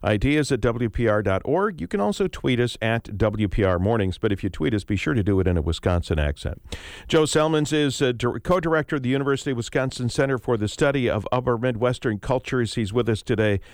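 A man hosting a public radio talk show, speaking in a relaxed, conversational way with frequent fillers, from a radio studio. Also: medium pitch, fairly quick, dry recording.

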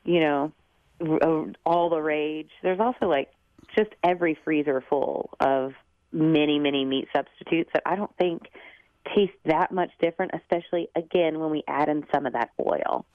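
Chatty Southern woman with a low voice. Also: moderate pace, dry recording, lo-fi sound. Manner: chatty, upbeat, laughing, lots of "like" and restarts. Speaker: cookbook author and TV cook, radio guest. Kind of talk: radio interview.

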